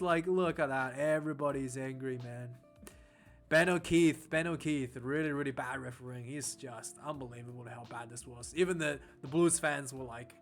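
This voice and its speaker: High-voiced man rambling about rugby news. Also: a little fast, soft background music. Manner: rambling, frequent restarts and repeated words. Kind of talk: casual commentary vlog.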